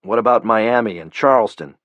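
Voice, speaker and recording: A man voicing a cold, controlled operative who speaks calmly and quietly. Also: lowish voice, brisk, dry recording, lightly acted. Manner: calm, quiet, menacing. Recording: dull lo-fi, dry.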